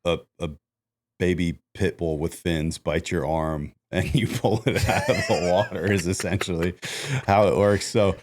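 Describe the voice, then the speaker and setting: A man, a music manager, telling lively stories in a casual podcast chat, acting out what others said. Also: sits low, a little slow. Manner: animated storyteller acting out quotes.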